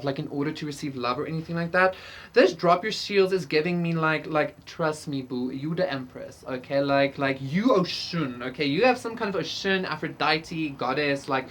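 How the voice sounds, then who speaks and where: A woman giving a casual pick-a-card tarot reading, rambling with lots of fillers and swearing freely. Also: deep voice. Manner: rambling, profane, lots of fillers, laughs often. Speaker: tarot reader.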